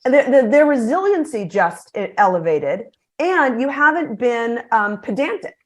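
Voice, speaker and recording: A middle-aged woman, a guest speaker on a podcast interview, explaining her ideas in an energetic, animated way. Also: fairly high pitch, normal speed.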